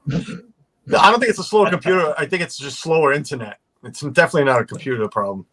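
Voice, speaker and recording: A man's voice: on the high side, expressive, fast, fairly bright tone. A man hosting a casual livestream video chat, joking and rambling with friends. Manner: joking, rambling, laughs often. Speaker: livestream host.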